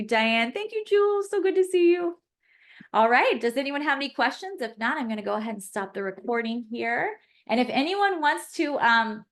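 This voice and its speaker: A woman's voice: a little high, fairly bright tone. A woman pharmacist hosting a live webinar class, chatty and effusive as she reads the chat and answers questions aloud.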